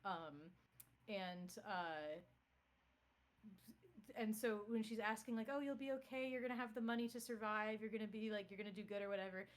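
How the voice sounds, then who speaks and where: A woman on a game stream, casually retelling a show in a rambling way full of fillers and restarts. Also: medium pitch. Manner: rambling, filler-heavy storytelling. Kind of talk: casual chat.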